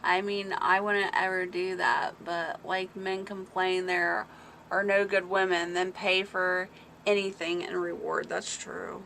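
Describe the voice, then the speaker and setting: A woman's voice: on the low side, little pitch movement, a little slow, vocal fry, a bit bright, a little hiss or hum. A woman hosting a casual livestream, chatting with viewers, telling stories and reading comments aloud, laughing often. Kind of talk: casual chat.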